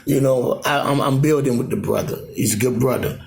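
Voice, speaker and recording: Gravelly rambling male vlogger. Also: medium pitch, fairly quick, a little mellow, slight background noise. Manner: loose, repetitive, full of "you know what I'm saying". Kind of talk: rambling casual monologue. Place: at home in Alaska.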